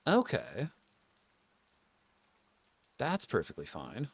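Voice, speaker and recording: A man's voice: medium pitch, huge pitch swings, drawn-out words, breathy edge, no room sound. A man streaming a game in casual chat, talking to his viewers and reading game text aloud. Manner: chatty, talks to chat and reads game text.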